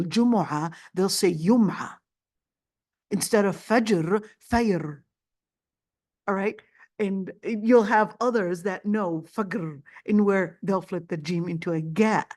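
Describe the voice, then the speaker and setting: A woman teaching a Quran commentary lesson, explaining slowly and often repeating words with fillers. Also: mid-range voice, a little mellow. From Palestinian family. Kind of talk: classroom lecture.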